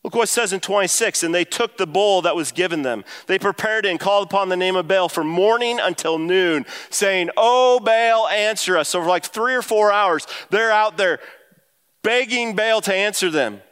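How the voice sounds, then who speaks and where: Male pastor, high voice, animated sermon delivery, big reverberant church hall. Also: moderate pace, clear, resonant tone. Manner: animated, rising pitch when quoting and emphasizing.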